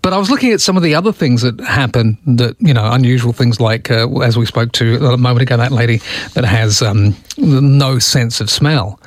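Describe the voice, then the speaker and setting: A man's voice: mid-range voice, dry recording, studio quality. A male radio host in a casual, amused chat, tossing out rhetorical questions.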